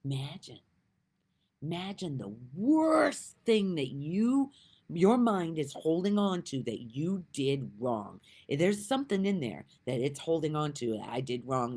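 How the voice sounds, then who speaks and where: A middle-aged woman with a low, husky voice talks slowly and earnestly about self-kindness. Her delivery is emotional, with wide swings in pitch and loudness, sometimes dropping almost to a whisper and sometimes rising to emphatic exclamations. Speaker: spiritual speaker. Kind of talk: heartfelt inspirational monologue.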